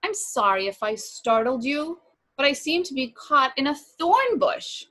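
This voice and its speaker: A woman's voice: sits high, very animated, a little slow, fairly bright tone, voice pushed up, full character voice. A woman voicing a polite, apologetic male giant in a children's story read aloud. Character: gentle sorry male giant caught in thorns.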